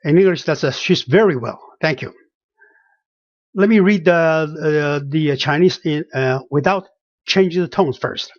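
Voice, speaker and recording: A language teacher giving a beginner lesson, speaking slowly and deliberately, repeating each phrase with hesitant fillers. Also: medium pitch, dry recording, highs cut off.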